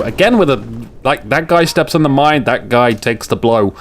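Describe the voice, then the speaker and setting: A British man casts a strategy game replay from his desk, rambling from one sarcastic quip to the next. His voice sits at an ordinary middle pitch. Battle noise from the game, with gunfire and explosions, plays clearly beneath him. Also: moderate pace, few pauses. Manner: joking, rambling, sarcastic asides. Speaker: game caster. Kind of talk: casual game commentary over a replay.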